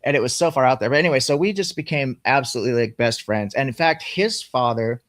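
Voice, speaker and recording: A man recounting a story from his youth in loose, casual chat, swearing freely and animated as he talks. His voice sits at an ordinary middle pitch. The sound is dry and close, with no room echo. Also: fast.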